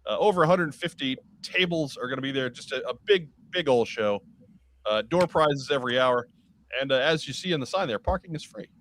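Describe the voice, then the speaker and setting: A man hosting a podcast, reading announcements in a casual, halting way with many fillers. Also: mid-range voice, expressive, a bit bright, a little hiss or hum. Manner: conversational, hesitant with frequent "uh". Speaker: podcast host.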